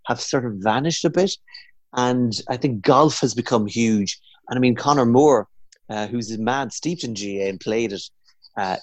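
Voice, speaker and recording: A man's voice: mid-range voice, no room sound. A man, an impressionist guest, chatting casually and rambling with many fillers and restarts. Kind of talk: casual chat.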